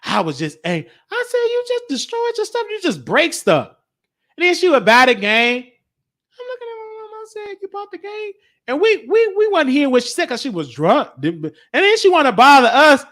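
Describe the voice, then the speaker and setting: A man hosting his show, telling a comedic childhood story in an excitable, animated way. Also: very high voice, normal speed. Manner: animated, excitable, talks back to the listener.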